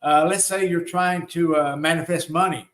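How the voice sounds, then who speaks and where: Speaking at a normal speed in a steady, fairly bright, slightly high voice, this middle-aged Southerner with a Southern US accent leads a live-stream teaching. He's a spiritual teacher and show host whose folksy talk rambles along with plenty of fillers.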